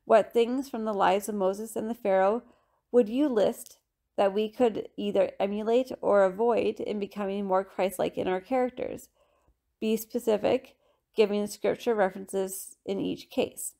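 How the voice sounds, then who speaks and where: A woman giving a steady, measured scripted reading for a scripture study lesson. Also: medium pitch, gravelly.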